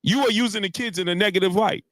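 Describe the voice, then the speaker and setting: A man hosting a boxing live stream, ranting heatedly with many filler sounds and shouting out chat viewers. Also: high voice, fast talker, no echo. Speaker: boxing commentary host.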